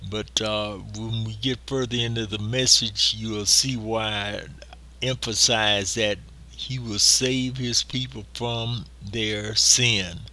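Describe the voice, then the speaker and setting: Slow, deliberate man preaching a sermon. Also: fairly low pitch, steady tone, sharp tone.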